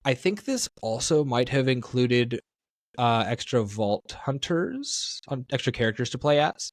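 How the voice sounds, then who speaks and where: A podcast co-host rambles through a casual discussion, correcting himself and thinking out loud. His medium-pitched voice swings widely in pitch at an unhurried pace, and the recording is dry.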